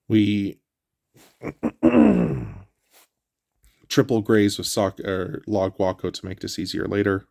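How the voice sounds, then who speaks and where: Stuffy-nosed man, low gravelly voice, casual game walkthrough commentary, dry close mic. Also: dry recording. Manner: relaxed, explanatory, with frequent fillers. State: stuffy nose. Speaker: gameplay commentator.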